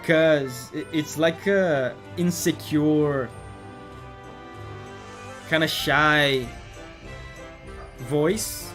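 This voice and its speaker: A man's voice: fairly high pitch, steady tone, extremely slow, pauses often, a bit bright. A male gaming streamer gives chatty, enthusiastic let's-play commentary, laughing often and reading out chat messages. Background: game music.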